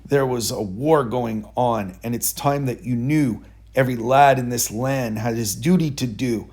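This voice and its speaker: A man's voice: medium pitch, a little slow, darkish tone, natural voice. A man voicing a blustering, pompous army general in a storybook reading, bellowing orders. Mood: commanding. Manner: bellowing, commanding.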